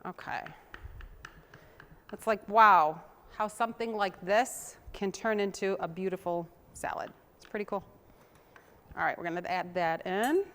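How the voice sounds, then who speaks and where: A woman's voice: mid-range voice, unhurried, pauses often, a bit bright. A young woman hosting a TV cooking show, chatting in a homey way while she chops and mixes. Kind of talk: casual cooking demonstration.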